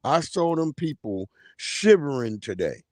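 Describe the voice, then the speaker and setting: A man rants and tells stories on a livestream in an animated, profane, comedic way. His voice sits high for a man and swings widely in pitch. The sound is dry and close. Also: a little slow, dry recording. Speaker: livestream host. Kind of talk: casual comedic rant.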